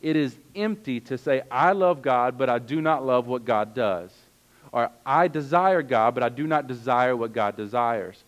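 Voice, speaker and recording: A man's voice: mid-range voice, moderate pace, muffled recording. A man preaching a sermon, earnest and conversational, reading scripture aloud and adding casual asides. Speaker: pastor.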